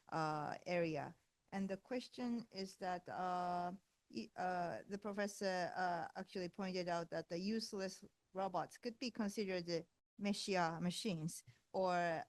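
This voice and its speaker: A woman with a fairly low voice moderates the question session after a lecture. She politely reads out questions from the audience, and her voice sounds dry and close to the mic. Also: no room sound.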